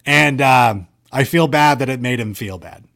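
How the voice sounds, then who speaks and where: A man casually telling stories on a podcast, animated and self-deprecating, filling his talk with "like" and "you know". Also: mid-range voice, unhurried, creaky. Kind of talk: casual storytelling chat.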